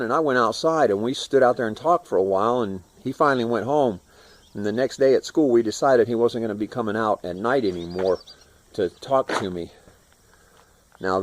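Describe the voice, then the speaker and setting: A man in his sixties from Florida, telling a personal story in a loose, rambling way and acting out the voices of the people in it. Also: on the low side.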